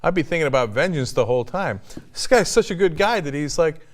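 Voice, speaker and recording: A man's voice: a little high, lively intonation, fast talker. A middle-aged man hosting an online news show, arguing his opinions bluntly and swearing casually. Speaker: news commentary host.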